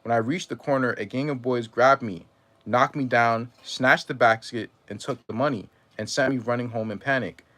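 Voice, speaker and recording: A man reading a first-person memoir aloud in a measured way, now and then stumbling and correcting himself. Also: medium pitch, steady tone, fairly bright tone. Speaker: reader.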